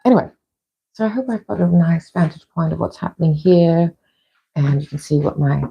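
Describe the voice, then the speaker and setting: A woman's voice: lowish voice, brisk, vocal fry, slightly rough, muffled recording. A middle-aged woman from Fiji chatting in a rambling way while filming a cooking session in her home kitchen. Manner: rambling, chatty, frequent restarts. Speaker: vlog host.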